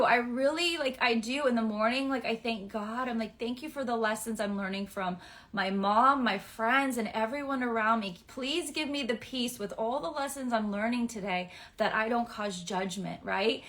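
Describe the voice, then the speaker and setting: Young woman astrology host, bright and fairly high voice, chatty, keeps checking in with her listeners. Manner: chatty, with frequent "right?" and "okay?" tags; acts out exasperated voices, jumping high and loud. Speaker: astrology forecaster. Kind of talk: casual spiritual advice talk.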